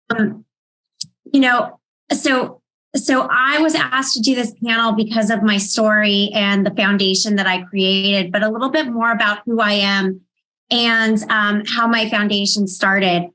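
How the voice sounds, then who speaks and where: A woman in her thirties speaking on a panel, telling a personal story in a heartfelt, halting way with frequent ums. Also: a little high, sharp tone, poor audio. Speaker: panel speaker, foundation founder.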